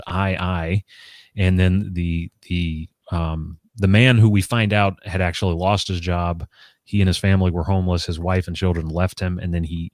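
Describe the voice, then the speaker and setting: Host, male, 40s: very low voice, casual and rambling, dry recording. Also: darkish tone, dry recording. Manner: rambling, with many restarts and filler words. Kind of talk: casual conversation about comics.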